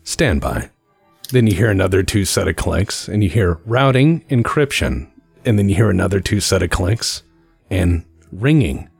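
A man's voice: sits low, normal speed, vocal fry, a little mellow, slightly rough, no room sound, faint music behind. A man narrating scenes as the game master of a tabletop game, descriptive and laughing easily.

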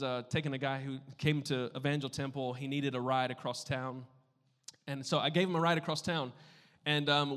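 A man preaching a sermon as pastor, conversational and playful, moving between loud emphasis and hushed, earnest passages. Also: mid-range voice. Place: church sanctuary. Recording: long reverb of a large hall.

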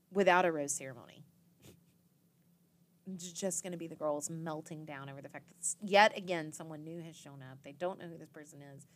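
This podcast host is a young woman whose fairly low voice comes through with a little background noise. Recapping an episode, she keeps things loose and chatty, full of "like" fillers and performed quotes.

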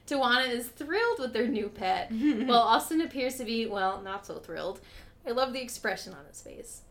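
A woman's voice: a little high, vocal fry. A woman co-hosting a podcast who reads her recap notes aloud in a casual way, laughing often and swearing lightly. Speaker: podcast co-host.

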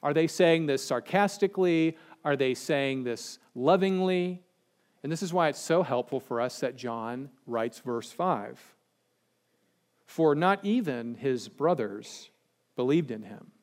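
A man preaching a sermon verse by verse, with dry sarcastic humor and animated emphasis. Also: medium pitch, unhurried. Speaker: pastor.

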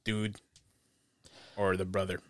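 A man's voice: low voice, level tone, slow, no room sound, studio quality. A man co-hosting a casual film-review podcast, rambling with lots of fillers and restarts. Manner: rambling, filler-heavy, does goofy quote voices. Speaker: podcast co-host.

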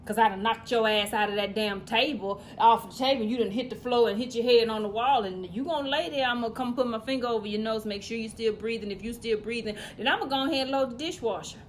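A woman delivering a profane comedic rant, loud and blunt, swinging between shouting and muttering asides. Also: on the high side, quick pace, hardly any pauses, slight background noise.

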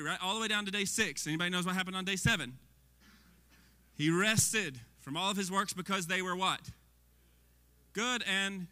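A man preaching a sermon in a lively, conversational way, often asking the audience questions. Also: high-pitched. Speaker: pastor. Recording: long hall reverb.

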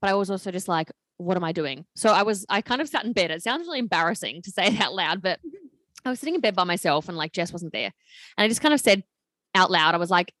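A young woman co-hosting a podcast, telling stories in a gushing, animated way. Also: lowish voice, fast, no room sound. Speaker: podcast co-host. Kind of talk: casual chat.

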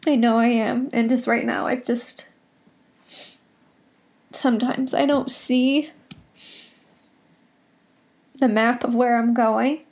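Gravelly young woman, emotional podcast host. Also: a little high, fairly even intonation, slow pace, pauses often, a little mellow. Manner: rambling, emotional and confessional. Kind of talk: solo podcast monologue. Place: home.

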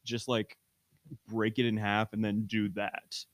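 A man's voice: fairly low pitch, flat delivery, a little slow, no room sound. Man, podcast guest, blunt offhand talk, dry close sound. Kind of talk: casual podcast chat.

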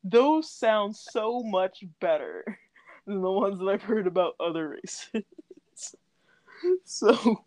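A woman's voice: mid-range voice, expressive, slow, long pauses, darkish tone, no echo. Chatty young woman, dry sound. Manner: chatty, laughs often, many fillers like "like". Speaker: podcast co-host. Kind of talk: casual chat.

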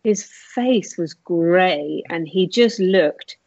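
Woman, candid low voice. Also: darkish tone, dry recording, dull audio. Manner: emotional, candid, quick asides. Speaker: guest sharing her story. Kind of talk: personal storytelling in conversation.

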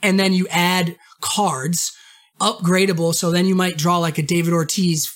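A man from Maine, hosting a podcast in a casual monologue, rambling and animated, swearing, and acting out quoted remarks in a raised voice. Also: high-pitched, normal speed. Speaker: podcast host.

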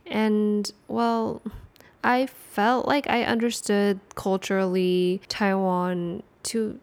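A woman's voice: medium pitch, slow pace. A young woman from California, chatting casually and acting out quoted conversations. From California, United States. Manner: animated, acts out quoted dialogue. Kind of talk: casual chat.

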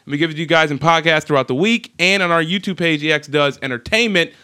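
A man's voice: a little high, quick pace, clear, resonant tone. A man with a New Jersey accent hosting a podcast, chatting casually and playfully with his co-host, often laughing. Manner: animated, laughing, playful banter.

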